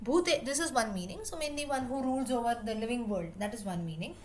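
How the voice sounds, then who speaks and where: A woman leads a lesson, going over each word patiently and restating it in different ways. Her voice sits a little high, and a faint hiss runs under the recording. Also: lively intonation, a little mellow. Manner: patient, repeats terms and pauses to rephrase. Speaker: Sanskrit teacher. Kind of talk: explaining word meanings in a class.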